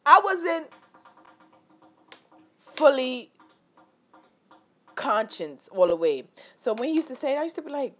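A woman vlogging a candid personal story, animated and profane, leaping into high exclaimed quotes and talking straight to her viewers. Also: moderate pace, long pauses. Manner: repetitive filler-heavy talk addressing viewers directly.

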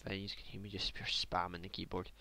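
A man's voice: sits low, level tone, fairly quick, vocal fry, bright, forceful tone. A man casually commentating his own strategy game, muttering to himself, joking and swearing now and then. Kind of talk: casual let's play commentary.

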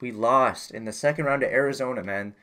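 A young man casually commentating his own video game season, getting loud when excited and muttering when disappointed. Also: mid-range voice, fairly quick. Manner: excitable, swings between yelling and muttering. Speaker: gaming YouTuber.

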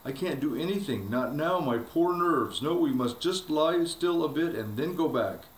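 A man voicing a frightened, spoiled young noblewoman who whimpers and squeaks as he reads a storybook aloud. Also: animated, moderate pace, close to an everyday voice. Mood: whimpering. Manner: squeaky and whiny. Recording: echoey room, faint background hiss.

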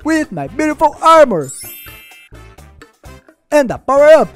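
A woman voicing a cheerful, boastful young hero in a fan-made game video, excited and playful. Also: high voice, slow pace, faint music behind, exaggerated voice.

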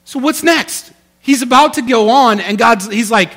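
A male pastor preaching a sermon in an animated, conversational way, often checking in with his listeners. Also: very high voice, moderate pace.

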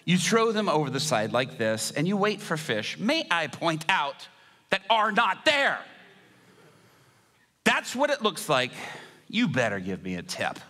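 A man voicing a gruff, weary fisherman with sarcastic, exaggerated storytelling. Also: on the high side, wildly swooping pitch, unhurried, sharp tone, in a large hall, heavily acted. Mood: skeptical. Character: gruff weary fisherman, skeptical then astonished.

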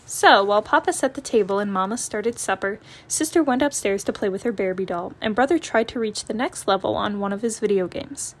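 A woman narrating a children's picture book read-aloud in a gentle, expressive storytelling manner. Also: mid-range voice, fairly quick, few pauses.

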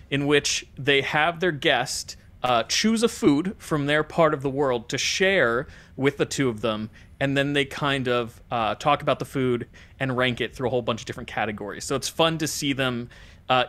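A man's voice: medium pitch, a bit bright. An American man co-hosting a casual podcast, talking in a loose, rambling way with frequent fillers. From United States. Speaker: podcast co-host.

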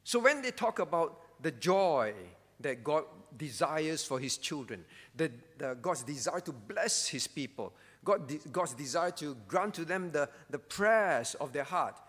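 A man preaches in an earnest, teaching way, often pausing to check that his listeners follow. His voice sits a touch higher than most men's. The church hall around him adds a long, ringing reverb. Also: very animated, fairly bright tone, husky. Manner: earnest teaching, with frequent "all right?" check-ins and questions to the congregation. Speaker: pastor. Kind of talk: sermon at a prayer meeting.

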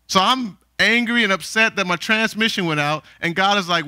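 A man's voice: high-pitched, moderate pace, few pauses, sharp tone, clear, resonant tone, no room sound. A man preaching a sermon, often calling out questions for the congregation to answer. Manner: calls for responses from the congregation.

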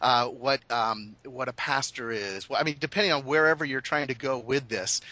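A middle-aged man with a bright, forward voice talks casually in an interview. He thinks aloud with fillers and restarts and breaks into animated asides. The recording is dry and close. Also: medium pitch, normal speed, no echo. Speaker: interviewee, online show host.

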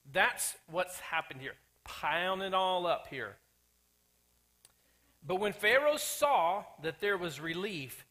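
A man preaching a sermon as pastor, animated, joking and acting out the people in the story. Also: on the high side. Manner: animated, acts out quoted characters, jokey asides. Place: church sanctuary.

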